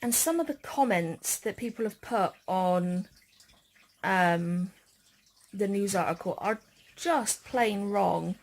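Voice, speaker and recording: A young woman vlogging in a casual chat, speaking hesitantly with many pauses and fillers. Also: medium pitch, gravelly, rough recording. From England.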